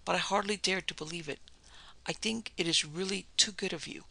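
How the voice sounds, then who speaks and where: A narrator voicing Mrs Pender, an anxious, timid middle-aged wife who rushes her words nervously. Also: on the low side, creaky, sharp tone, slightly rough, exaggerated voice. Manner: nervous, tremulous rush of words.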